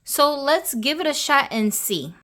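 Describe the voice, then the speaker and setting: A woman's voice: high-pitched, big pitch swings, measured pace, very noisy. A woman hosting a doll review vlog, talking playfully with sassy, slangy jokes.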